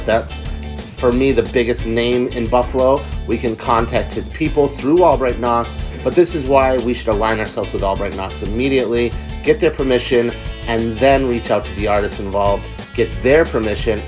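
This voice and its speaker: A man hosting, talking through business plans in an eager, rambling way. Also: mid-range voice. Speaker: host. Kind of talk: casual planning chat. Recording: talk over music. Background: music.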